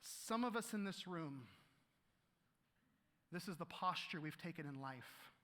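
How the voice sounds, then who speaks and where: A man preaching a sermon to a congregation, animated, often repeating words and acting out quotes. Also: on the high side, a little slow. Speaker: pastor. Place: church hall. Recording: live hall reverb.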